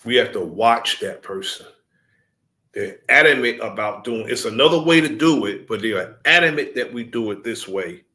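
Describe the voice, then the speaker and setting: A man addressing his followers in a deliberate, preaching cadence, repeating his key points. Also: medium pitch, lively intonation, bright, forceful tone.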